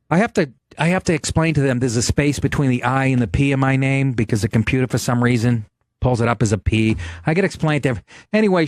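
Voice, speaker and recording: A middle-aged man hosting a podcast, telling stories in a brash, profane, animated way. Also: mid-range voice, dry recording, clean studio sound. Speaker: podcast host, comedian. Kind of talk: casual podcast chat.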